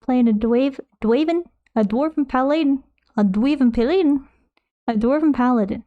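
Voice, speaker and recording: A woman's voice: high-pitched, moderate pace, narrow, tinny audio. A young woman streaming while she paints, chatting casually into a desk mic, rambling and poking fun at herself as she answers her chat. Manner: rambling, self-mocking, reads chat aloud. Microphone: desk microphone close by.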